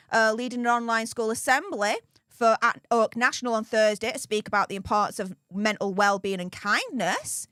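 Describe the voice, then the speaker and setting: Animated, teasing woman streamer. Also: high-pitched, smooth, no echo, studio quality. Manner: animated and mocking, gleefully teasing. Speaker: livestream host. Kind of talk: casual live commentary.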